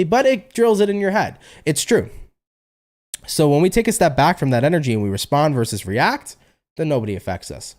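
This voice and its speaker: A man giving a chatty live-stream tarot reading, reading out viewer comments as he goes. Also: medium pitch. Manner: animated, chatty, reads audience comments aloud. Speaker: tarot reader.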